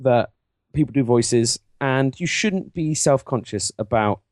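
Playful West Country Englishman, lively voice. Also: mid-range voice, a little slow, dry recording, clean studio sound. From England. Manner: playful, jokingly boastful. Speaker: podcast co-host. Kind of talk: casual podcast banter.

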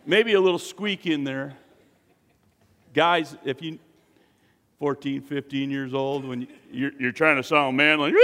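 Slow, echoing man preaching a sermon. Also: fairly high pitch, bright, forceful tone. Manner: preaching with dramatic swells, jokes and acted quotes.

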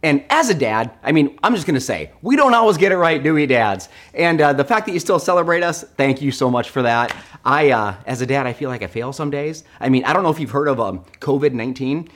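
A middle-aged male pastor giving a livestreamed sermon as an animated, joking storyteller. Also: medium pitch, a little fast.

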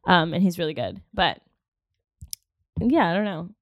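A woman's voice: fairly low pitch, sing-song, moderate pace, no room sound, lo-fi sound. A woman co-hosting a podcast in casual chat, rambling with lots of fillers. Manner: rambling, filler-heavy, laid-back. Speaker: podcast co-host.

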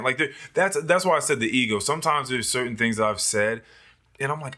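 A man chatting casually on a podcast, lively and self-mocking, often acting out his own past thoughts. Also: mid-range voice, brisk. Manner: animated, acts out his own past thoughts in quoted voices, laughs often. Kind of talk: casual chat.

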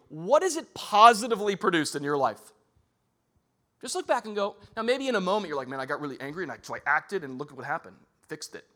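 A male pastor with a high, bright voice delivers a casual sermon. He talks like a friend chatting, full of "like" and "okay?" and quick rhetorical questions. His delivery stays lively and conversational. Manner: conversational and animated, with many fillers and rhetorical questions.

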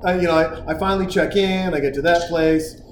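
Podcast host, male, slightly high voice, lively profane storyteller, roomy echo. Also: fairly quick. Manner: profane, animated storyteller acting out quotes. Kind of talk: casual storytelling chat. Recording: roomy with faint noise.

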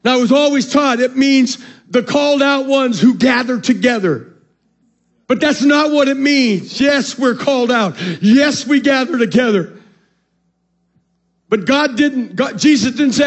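A pastor preaches with a very high male voice, rising into shouts and falling to near-whispered low lines. He keeps calling out to the congregation and pulling them in as he goes. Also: measured pace. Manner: preaching with shouted peaks and sudden soft drops; calls out to the congregation. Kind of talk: sermon.

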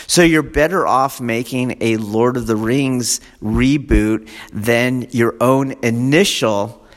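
Slow-talking man in a reverberant hall. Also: mid-range voice. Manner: digressive, keeps checking in with "do you see?"; animated when acting out fan excitement. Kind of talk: rambling casual lecture. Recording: long reverb of a large hall.

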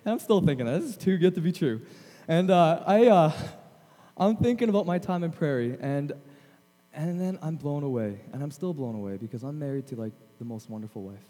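A man's voice: fairly high pitch, a little fast. Man telling a story in a reverberant chapel. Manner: self-deprecating, animated storytelling with laughs. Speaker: guest chapel speaker. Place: large chapel hall. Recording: long hall reverb.

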